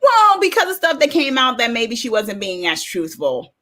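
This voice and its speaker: A woman's voice: fairly high pitch, huge pitch swings, moderate pace, bright, forceful tone. A woman hosting a casual film review stream, reading viewer comments aloud and chatting with a loose, filler-heavy delivery. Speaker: host. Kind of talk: casual livestream review chat.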